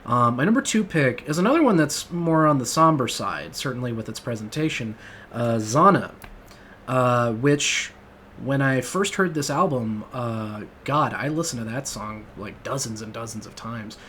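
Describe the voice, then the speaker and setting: A man's voice: mid-range voice, animated, normal speed, a bit bright, a little hiss or hum. A man hosting a casual music review monologue, rambling and enthusiastic, with lots of fillers and swearing. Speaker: music podcast host.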